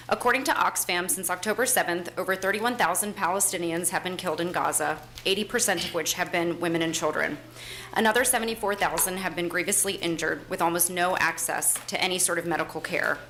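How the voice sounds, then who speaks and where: A woman's voice: lowish voice, pushed and bright, slight background noise, low-quality recording. A woman reading a composed, prepared public comment to a city council.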